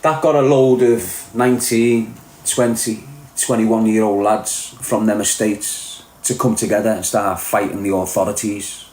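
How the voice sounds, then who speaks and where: A man's voice: on the low side, fairly even intonation, a little slow, a little mellow. Sweary Scouse man in an echoey room. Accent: Liverpool (Scouse). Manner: blunt, sweary, emphatic. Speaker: podcast guest. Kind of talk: casual podcast chat.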